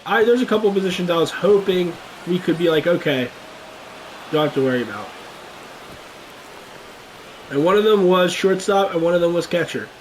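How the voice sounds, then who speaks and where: A young man giving casual commentary over a baseball video game, getting loud and excited at big plays. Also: high-pitched, slight background noise. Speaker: gaming YouTuber.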